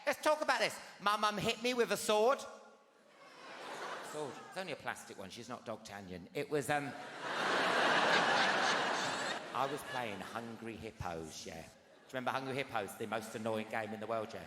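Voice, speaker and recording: A man's voice: mid-range voice, expressive, normal speed, long pauses, very noisy. A man in his forties performing a stand-up comedy routine, telling stories animatedly and confidingly, with frequent tag questions to the audience. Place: large theatre stage. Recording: live theatre, roomy with loud audience. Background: loud audience laughter.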